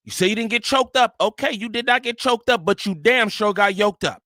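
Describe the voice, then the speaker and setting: A man hosting a reaction channel and riffing in loose, slangy commentary. He has a bright voice that sits fairly high for a man, and the sound is dry and close. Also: fairly quick, no room sound. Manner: animated, joking, slangy. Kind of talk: casual commentary.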